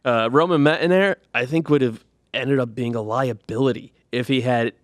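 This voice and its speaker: A man co-hosts a sports podcast, walking through tactics in a calm, measured way. His voice sits at a middle pitch and is recorded on a dry, close mic with no room sound. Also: dry recording. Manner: measured, explains tactics step by step. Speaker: podcast co-host and analyst. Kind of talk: casual sports analysis.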